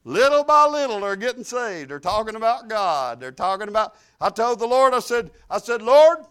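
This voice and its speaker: An older man with a drawl preaching, his voice sitting unusually high for a man. He spins homespun stories, dropping into quiet asides and then rising into loud, emphatic declarations. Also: very animated, normal speed, clear, resonant tone. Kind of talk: sermon.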